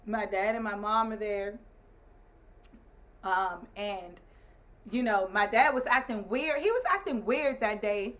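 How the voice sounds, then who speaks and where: A woman in her thirties, a guest and the host's wife, telling a story in casual chat, animated and laughing as she acts out other people's lines. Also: mid-range voice, measured pace, long pauses.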